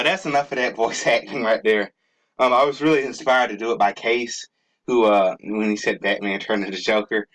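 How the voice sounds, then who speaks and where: A man's voice: lowish voice, a bit bright, low-quality recording. A young man chatting casually to his viewers, loose and rambling, with many fillers, stammered restarts and cussing. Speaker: video creator. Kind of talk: casual rambling vlog talk.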